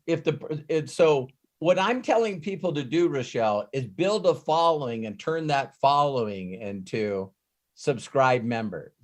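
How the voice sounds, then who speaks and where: Animated storytelling man, slightly high voice. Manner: animated storyteller who laughs and acts out quotes. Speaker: host and business coach. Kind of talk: live coaching call.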